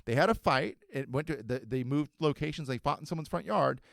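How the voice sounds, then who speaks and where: A middle-aged man hosting a podcast, telling a long profane story with animated swearing, acting out both sides of an argument and sometimes breaking into shouts. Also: on the high side, brisk, vocal fry, dry recording, clean studio sound. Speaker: podcast host.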